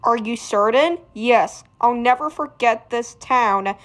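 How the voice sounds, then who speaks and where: A woman reading a graphic novel aloud, doing the characters' voices and shouting the sound effects. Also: fairly high pitch, takes it slowly. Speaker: fan reader.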